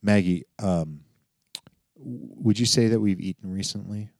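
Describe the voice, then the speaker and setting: A man's voice: fairly low pitch, unhurried, a little mellow, dry recording. A young man co-hosting a casual travel podcast, talking in a laid-back, dryly joking way. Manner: laid-back, dry humor. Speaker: podcast co-host.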